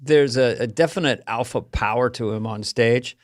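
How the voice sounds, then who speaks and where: A man's voice: mid-range voice, normal speed, no room sound, studio quality. An older man co-hosting a podcast in casual, jokey chat, slipping into brash tough-guy impressions. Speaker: podcast co-host.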